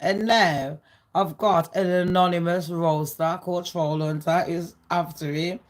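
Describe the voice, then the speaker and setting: A woman's voice: fairly low pitch, steady tone, measured pace. A woman vlogging gossip in a ranting, sarcastic monologue full of swearing and scorn.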